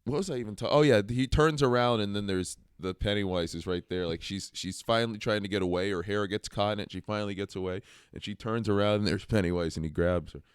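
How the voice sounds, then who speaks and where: Low, smooth-voiced man riffing. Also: quick pace, hardly any pauses, no room sound, studio quality. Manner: rambling, laughing, doing loud impressions. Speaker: podcast co-host. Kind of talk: casual comedy chat.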